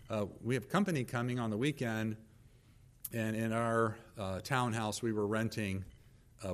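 A middle-aged male pastor preaching, telling a story about his wife and kids and acting out their lines of dialogue. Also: fairly low pitch. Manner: storytelling, acts out quoted dialogue. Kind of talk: sermon with personal story.

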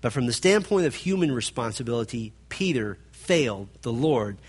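A man preaching a sermon, swinging between loud emphatic passages and hushed, low stretches as he retells a scripture story. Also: lively intonation, moderate pace, breathy edge.

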